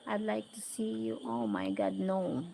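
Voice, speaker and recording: A woman with a Filipino accent chats on a casual livestream, greeting and thanking viewers one by one. Her delivery is slow and relaxed, with a gravelly, creaky texture. A faint hiss sits under the voice. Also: mid-range voice, low-quality recording. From Philippines. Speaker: livestream host. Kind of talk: casual livestream chat reading comments.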